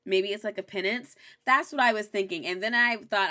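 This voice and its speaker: Bright-voiced woman in casual chat. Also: medium pitch, fairly quick. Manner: candid and animated, swearing freely. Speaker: host recapping a TV episode.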